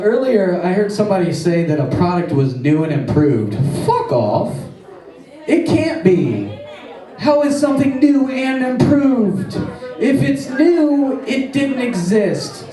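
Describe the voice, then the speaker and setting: A male stand-up comic with a high, mellow voice that leaps all over the place as he rambles through crude jokes and quick apologies. The sound is echoey and a bit distant, as if from a mic set back in the room. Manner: crude, rambling jokes with self-deprecating asides. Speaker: stand-up comedian. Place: comedy stage before a live audience.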